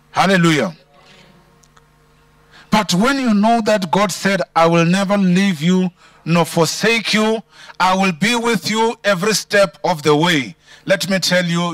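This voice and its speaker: A man with a South African English accent preaching a church sermon, drawing out key words with slow emphasis and calling out hallelujah. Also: high voice, fairly bright tone, dry recording. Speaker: pastor.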